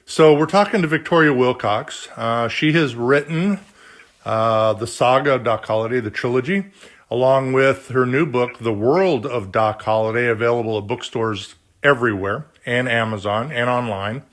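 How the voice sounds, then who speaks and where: A man's voice: medium pitch, normal speed, fairly bright tone. A man hosting an interview, chatty and rambling as he introduces his guest. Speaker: interview host. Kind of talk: casual interview chat.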